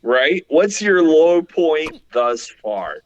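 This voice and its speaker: Podcast co-host, male, animated, bouncy pitch, unhurried delivery, loose and jokey. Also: muffled recording. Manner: animated, joking, swearing. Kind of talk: casual chat.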